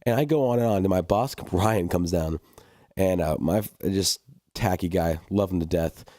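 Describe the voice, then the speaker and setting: Laughing young man, low mellow voice. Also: normal speed, no echo, clean studio sound. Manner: animated, laughing storyteller with restarts. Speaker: podcast co-host. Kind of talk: casual storytelling chat.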